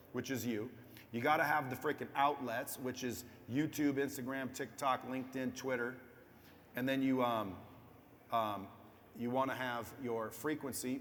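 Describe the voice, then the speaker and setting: A man's voice: medium pitch, a bit bright. A man as an interview guest giving casual business advice, blunt and profane, speaking straight to viewers. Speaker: guest entrepreneur. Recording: echoey room with faint background noise.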